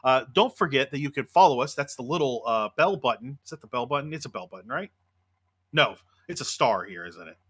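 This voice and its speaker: A man's voice: medium pitch, expressive, brisk, fairly bright tone, breathy edge. A man running a tabletop role-playing game, explaining the rules and narrating the action vividly. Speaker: game master.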